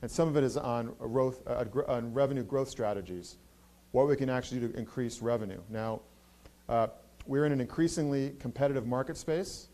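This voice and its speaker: Guy at a campus q&a, earnest, lots of uhs, middle pitch. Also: mellow. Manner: earnest, halting with many fillers. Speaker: university president. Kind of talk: Q&A answers at a campus address. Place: university event hall.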